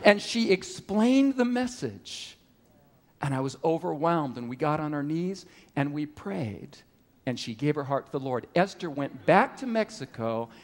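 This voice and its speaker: Animated preacher, high lively voice, hall echo. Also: male voice. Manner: storytelling with animated rises and drops. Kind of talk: sermon. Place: large hall at a camp meeting. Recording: reverberant hall.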